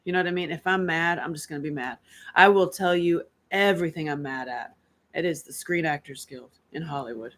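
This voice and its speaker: A middle-aged woman from North Carolina talking to her viewers in a loose, unscripted chat. Her voice sits a little low, and she speaks with candid, animated energy, laughing easily and darting into quick asides. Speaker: host. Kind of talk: casual live-stream chat.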